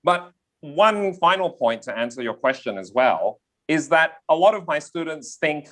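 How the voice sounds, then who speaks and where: A man from Australia with a softened Australian accent, an English teacher explaining pronunciation in a live online class, often checking in with "yeah?". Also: fairly high pitch, big pitch swings, a little slow. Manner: explanatory, repeats key points, checks in with "yeah?".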